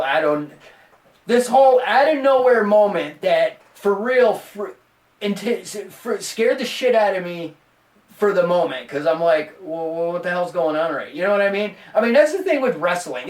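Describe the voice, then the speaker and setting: A man hosting a podcast, telling a rambling, profane story in a casual, animated way. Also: sits high, roomy sound, distant mic. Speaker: podcast host.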